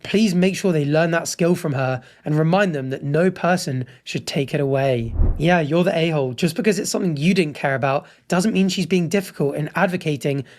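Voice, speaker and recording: Man, high voice, casual commentary, reads posts aloud, blunt reactions. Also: fairly quick, few pauses, a little mellow. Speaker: host reading and judging online posts.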